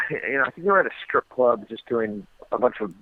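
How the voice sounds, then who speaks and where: Here the American guest fighter's medium-pitched voice comes at a moderate pace through a tinny phone connection, recorded dry. It's a phone interview, and he spins his stories casually, restarting often and saying um a lot.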